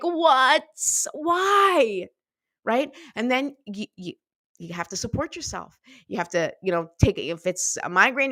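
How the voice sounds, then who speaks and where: A woman's voice: medium pitch, dry recording, studio quality. A woman hosting a daily self-help show, talking casually and encouragingly to her viewers, often checking in with "right?". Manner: warm, chatty, lots of "right?" and "you know". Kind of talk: casual motivational talk to viewers.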